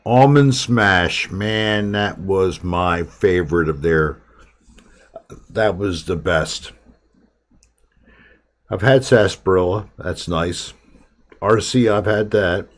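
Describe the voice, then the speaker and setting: Male stream host, unhurried low-voiced casual rambler. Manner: rambling, relaxed, chatting to viewers. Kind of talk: casual live chat.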